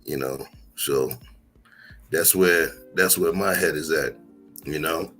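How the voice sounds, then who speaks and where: A man hosting a livestream, chatting casually and greeting his viewers by name in a relaxed way. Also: very deep voice, slow pace, faint music behind. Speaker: livestream host. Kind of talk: casual chat.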